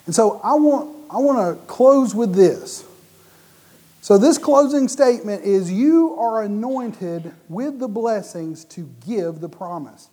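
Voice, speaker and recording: Lively, mellow-voiced man preaching. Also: sits high, slow. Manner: animated, repeats and restarts words while preaching. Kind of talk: sermon.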